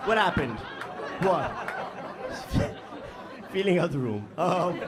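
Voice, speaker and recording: High, lively-voiced male stand-up comic. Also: slight background noise. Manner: profane, rambling, full of "like" fillers; talks straight to the audience. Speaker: stand-up comedian. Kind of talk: stand-up comedy set. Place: live comedy stage.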